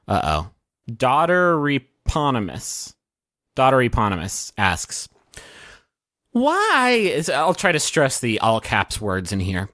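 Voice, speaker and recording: Male comedy podcast co-host, animated wry delivery, dry recording. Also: fairly low pitch, no echo. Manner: quick, wry quips. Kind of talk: casual comedy podcast banter.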